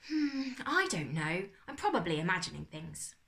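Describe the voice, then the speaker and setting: A woman's voice: on the low side, big pitch swings, moderate pace, creaky, fairly bright tone, exaggerated voice. A woman reading aloud and voicing a cheerful, fussy older uncle in a children's storybook, with a hearty, flustered manner. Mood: jovial.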